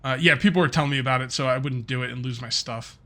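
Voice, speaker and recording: A man's voice: medium pitch, quick pace, sharp tone. A middle-aged man giving casual, rambling commentary while playing a survival game, thinking aloud and muttering to himself. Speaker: gaming video host.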